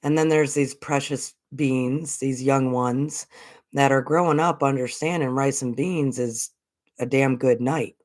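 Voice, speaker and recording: A woman's voice: rumbling low, fairly even intonation, a little slow, darkish tone. An American woman hosting a spiritual channel, talking in a casual, earnest way and repeating her points for emphasis. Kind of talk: casual spiritual vlog talk.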